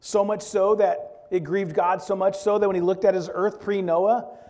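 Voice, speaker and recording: A man preaching to his congregation, talking easily and checking in with questions as he goes. His voice sits a little high for a man but sounds mellow and warm. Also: steady tone, normal speed. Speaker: pastor. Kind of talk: sermon.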